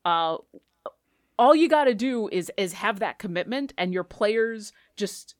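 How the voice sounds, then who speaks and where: A woman talking casually as a podcast co-host and game master, chatty and animated with quick asides. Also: mid-range voice, no room sound, clean studio sound. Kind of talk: casual chat.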